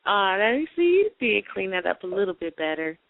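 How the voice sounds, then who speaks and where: A woman's voice: mid-range voice, sing-song, a little fast, gravelly. A woman co-hosting a casual podcast, bantering playfully, laughing often and protesting teasing. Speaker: co-host. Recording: tinny lo-fi phone-like sound.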